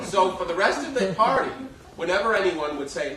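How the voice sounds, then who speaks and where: A middle-aged man telling comic stories on a theater stage in an animated, theatrical way, in front of a live audience. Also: high voice, brisk. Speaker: solo stage performer. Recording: echoey theater from far off.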